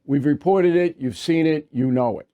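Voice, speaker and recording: A man's voice: a little high, normal speed, phone-quality sound. A man delivering an emphatic opinion monologue as a commentator, hammering points through repetition with sarcastic asides.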